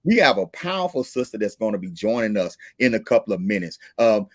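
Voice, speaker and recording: A man hosting a podcast in casual, animated talk, often asking "right?". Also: lowish voice, brisk, no room sound, studio quality. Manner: animated, seeks agreement with "right?". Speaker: podcast host.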